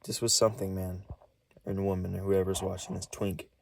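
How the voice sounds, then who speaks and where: A nervous man rambles into the camera in a lowish voice, stammering and restarting his words. His pitch swings up and down as he talks, and now and then he drops into a hushed whisper. It is a shaky, casual vlog delivery. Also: little pitch movement, brisk, vocal fry, a little hiss or hum. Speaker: vlogger.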